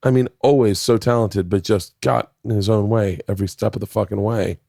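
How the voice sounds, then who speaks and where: A man's voice: fairly low pitch, steady tone, a little fast, vocal fry, dark tone, dry recording, studio quality. A man in his forties, a podcast guest, telling a rambling story with lots of swearing and self-talk in casual chat. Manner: rambling storytelling, heavy swearing, acts out his own inner voice.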